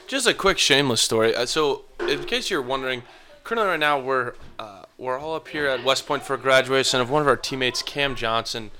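A man's voice: mid-range voice, expressive, fairly quick, bright, forceful tone. A young man co-hosting a casual chat, tossing in dry teasing remarks. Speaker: podcast co-host.

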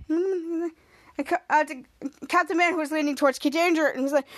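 Very high-pitched woman rambling through a recap. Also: moderate pace. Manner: rambling, repeats "cut to" and "somehow"; acts out characters' lines excitedly. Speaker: podcast host. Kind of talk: casual episode recap.

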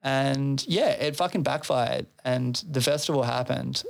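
A man's voice: mid-range voice, measured pace, vocal fry. A man who organizes a festival, telling a long story in casual chat, swearing freely and laughing between phrases.

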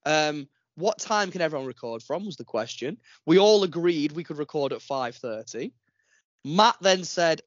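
A man's voice: a little high, animated, moderate pace, no echo. A man hosting a casual podcast, joking and rambling, a little under the weather. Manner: joking, rambling, swears freely. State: slightly ill. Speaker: podcast host. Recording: dry, dull lo-fi remote recording.

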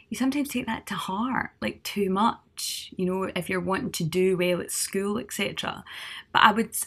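A woman's voice: mid-range voice, gravelly. A woman with a Scottish accent, a singer, talking in a chatty, rambling way with many fillers. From Scotland. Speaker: singer guest. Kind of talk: casual conversation.

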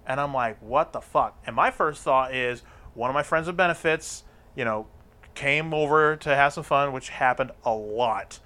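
A man's voice: medium pitch, normal speed, sharp tone. Profane man telling a wild story. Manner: crude, profane, acts out other people's lines. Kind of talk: casual storytelling chat.

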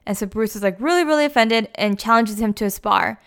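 A woman's voice: fairly high pitch, fast talker. A young adult woman casually retelling a story, chatty and full of fillers like "like" and "you know".

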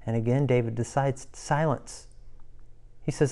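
A man's voice: mid-range voice, unhurried, long pauses. A man preaching a devotional sermon, retelling a psalm with rising passion. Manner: impassioned, rising loud when voicing David's prayers.

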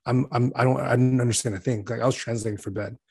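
A man chatting casually on a podcast, telling an animated story with lots of fillers and acting out his own frustration. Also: medium pitch, fast talker, vocal fry, husky. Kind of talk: casual chat.

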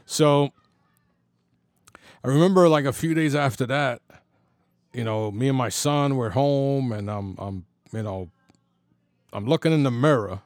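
Middle-aged man, mid-pitched, casual storyteller, slangy, acts out the quotes, dry close sound. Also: measured pace, pauses often, no room sound. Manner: loose and conversational, many "you know" fillers, slang and swearing.

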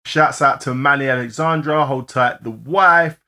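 A man co-hosting a live-streamed podcast, rattling off listener shout-outs and laughing often. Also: mid-range voice, moderate pace. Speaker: podcast co-host.

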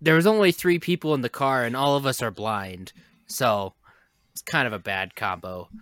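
A man's voice: mid-range voice, normal speed, fairly bright tone, dry recording. Hesitant man in a dry room. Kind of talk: casual chat.

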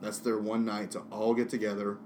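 A man's voice: fairly low pitch, flat delivery, a little fast, a little mellow, a little hiss or hum. A man co-hosting a casual podcast, telling rambling, profane stories while drinking. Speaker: podcast co-host. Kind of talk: casual chat.

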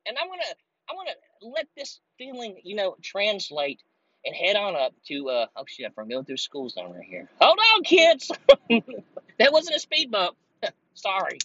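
A man's voice: high-pitched, wildly swooping pitch, normal speed, pushed and bright, dry recording, dull audio. A man hosting a solo podcast from his car, delivering a heated, profane, rambling rant. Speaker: podcast host. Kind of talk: ranting solo podcast recorded while driving. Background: air conditioner running.

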